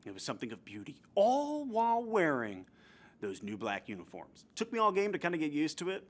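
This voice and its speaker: A young man from New Jersey hosting a comedic football recap in a goofy, playful way. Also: mid-range voice. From New Jersey, USA. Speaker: host.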